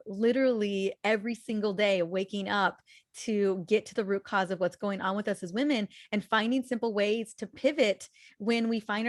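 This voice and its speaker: A woman in her forties, a health practitioner guest, telling her story candidly with lively restarts. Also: mid-range voice, dry recording. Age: 40s. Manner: candid and animated, often restarts with repeated words. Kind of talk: conversational interview storytelling.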